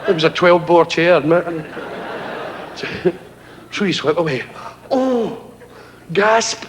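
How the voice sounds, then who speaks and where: A Scottish man with a Glaswegian accent, a comedian telling stories on stage and talking about his material in an animated way. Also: takes it slowly. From Scotland. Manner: animated, jumps into shrieking high voices for characters. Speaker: stand-up comedian. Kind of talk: stand-up storytelling. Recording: faint hiss, 1970s TV recording.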